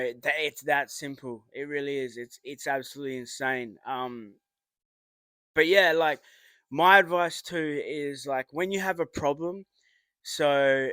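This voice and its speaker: A man's voice: medium pitch, fairly bright tone, no room sound. A man giving casual relationship advice in a rambling monologue. He swears often, uses matey slang and acts out remembered arguments.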